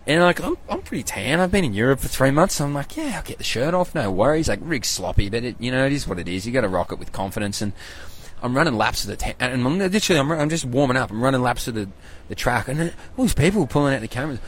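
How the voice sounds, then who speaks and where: A man's voice: mid-range voice, animated, fast talker. A young Australian man hosting a casual solo podcast recap, loose and rambling, full of slang and swearing. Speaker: podcast host.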